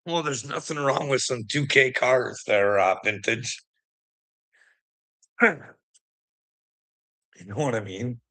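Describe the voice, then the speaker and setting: Profane rambling man with a gravelly voice. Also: medium pitch, takes it slowly, long pauses, pushed and bright. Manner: profane, rambling, laughing often. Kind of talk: casual rant to viewers.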